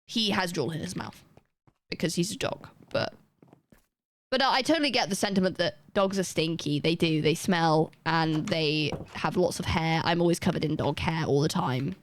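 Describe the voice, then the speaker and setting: A young woman chatting casually on a live gaming stream, rambling and self-deprecating with quick asides. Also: sits low. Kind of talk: casual chat while gaming.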